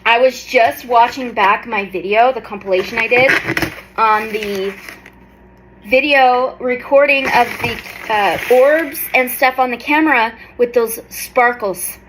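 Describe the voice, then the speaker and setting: A woman in her thirties doing an excited unboxing vlog, gushing and exclaiming often. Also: a little high, unhurried, background noise. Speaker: tarot reader and vlogger.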